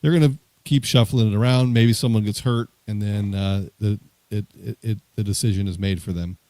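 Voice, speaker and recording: A man co-hosting a casual sports talk stream, talking through the team in a measured way with some fillers. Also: fairly low pitch, fairly even intonation, darkish tone, dry recording. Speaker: sports show co-host.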